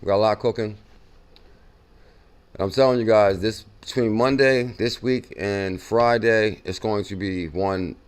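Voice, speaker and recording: A man hosting a casual crypto news show, reacting excitedly and repeating figures from a clip he plays. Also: on the low side, a little slow, smooth. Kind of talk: casual chat.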